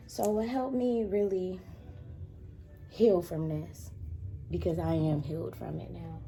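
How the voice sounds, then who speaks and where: A young woman talks straight to her camera in a relaxed, storytelling way. Her voice sits fairly low and sounds dark and mellow, and it jumps up high and animated whenever she acts out what people said. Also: unhurried, soft background music. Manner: animated, acts out quoted arguments in a higher voice. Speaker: vlogger.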